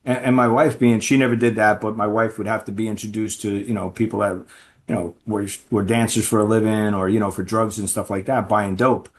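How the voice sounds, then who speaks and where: A man's voice: on the low side, little pitch movement, brisk. A man who used to be an undercover informant, telling stories as a podcast guest with frequent restarts and "right?" tag questions. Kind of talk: conversational storytelling.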